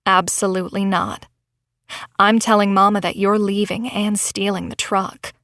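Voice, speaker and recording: A woman's voice: medium pitch, level tone, normal speed, fairly bright tone, dry recording, studio quality, pitched below the performer's own voice, lightly acted. Woman doing a stubborn tattletale girl. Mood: defiant.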